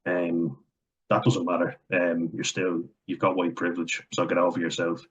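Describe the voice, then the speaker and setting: A man's voice: sits low, steady tone, measured pace, long pauses, breathy edge. An Irish man talking bluntly and profanely in a casual, sardonic opinion rant for his vlog. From Ireland. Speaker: vlogger.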